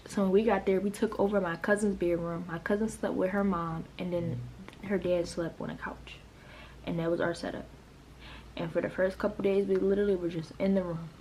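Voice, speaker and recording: The recording is rough with slight background noise as this American vlogger in her late teens rambles through an emotional storytime. Her mid-range, darkish voice keeps leaning on "like."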